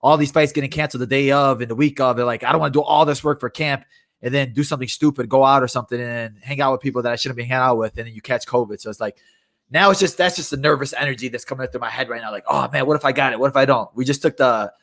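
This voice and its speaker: A man co-hosting a casual podcast, talking in a relaxed, loose way. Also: medium pitch, racing. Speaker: co-host, fighter.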